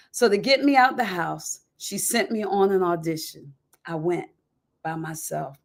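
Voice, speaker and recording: A woman reading aloud from her own memoir, emotional and expressive, shifting from hushed to loud and talking to listeners in folksy asides. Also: medium pitch. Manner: emotional, dramatic swings from quiet to loud.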